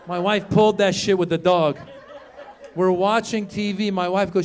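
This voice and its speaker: High-voiced man doing animated stand-up. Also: normal speed. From Iran. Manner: animated storytelling with sudden shouted punchlines. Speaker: stand-up comedian. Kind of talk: stand-up routine.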